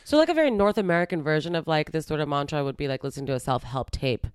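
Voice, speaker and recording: A woman's voice: sits low, animated, racing, clean tone, no room sound, clean studio sound. A woman from Montreal, French her first language, chatting as a podcast guest and telling jokey stories. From Montreal, Canada. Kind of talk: casual chat.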